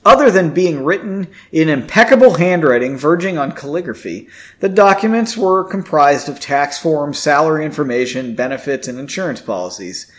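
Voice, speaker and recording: A man's voice: fairly high pitch, expressive, moderate pace. A man reading a fantasy story aloud casually, breaking off for chatty, self-mocking asides. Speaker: amateur audiobook reader.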